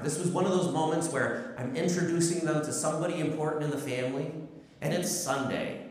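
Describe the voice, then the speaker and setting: A man preaching a sermon, telling a personal story, acting out the voices in it and asking the congregation rhetorical questions. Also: high voice. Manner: storytelling, lively, acts out quotes, asks rhetorical questions. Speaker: pastor. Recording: echoey hall with long reverb.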